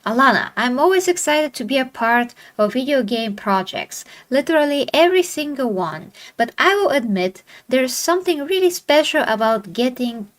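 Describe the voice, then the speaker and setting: A woman's voice: high voice, big pitch swings, normal speed, hardly any pauses. A woman host reading an interview aloud in a playful way, tripping over hard names now and then. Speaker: channel host.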